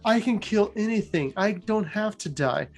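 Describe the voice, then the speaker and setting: A man's voice: high-pitched, expressive, normal speed, voice pushed up. A man voicing a power-drunk woman necromancer who gloats that she can kill anything. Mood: gloating.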